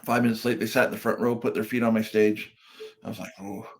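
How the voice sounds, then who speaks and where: Man, middle-aged, earnest storyteller, steady mid-range voice, podcast guest. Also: mid-range voice, quick pace. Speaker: guest, comedian and keynote speaker.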